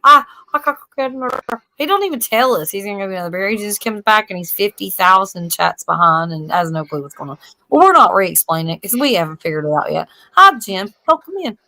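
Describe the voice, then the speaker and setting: A woman in her forties with a drawl hosts a casual live stream, telling rambling stories and laughing often. Her voice is bright and forward, and it sits close and dry with no room around it. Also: medium pitch, sing-song, fast, dry recording, low-quality recording. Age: 40s. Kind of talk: casual chat.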